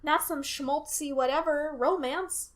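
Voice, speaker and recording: A woman's voice: high voice, measured pace. Emphatic woman in her twenties. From Maryland, USA. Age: 20s. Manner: overpronounces syllables for emphasis. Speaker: co-host. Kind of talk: casual chat.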